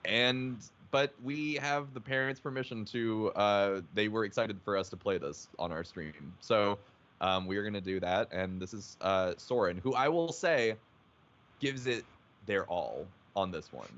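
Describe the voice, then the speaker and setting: A man co-hosting a podcast livestream, talking in a relaxed, rambling way with fillers and casual swearing. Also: on the low side, unhurried. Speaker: podcast co-host. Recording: dull stream audio with faint hiss.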